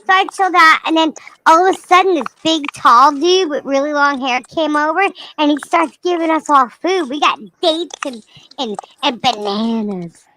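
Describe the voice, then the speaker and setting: A cheeky young male rainbow lemur, as a woman puts him on, squeaks through his tale in a very high, bright, crude voice. He rambles, swears and chatters. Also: normal speed, slight background noise, low-quality recording. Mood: rambling tale. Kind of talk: comic character monologue.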